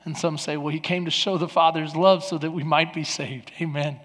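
A man preaching a sermon as pastor. His delivery is loud and lively, then drops to soft, earnest talk, and he repeats words and restarts often. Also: a little high, brisk, big-room sound. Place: large church.

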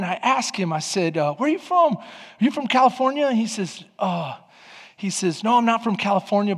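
A man, a pastor, telling a story in a sermon, swinging between shouting and quiet asides. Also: sits high. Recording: long hall reverb.

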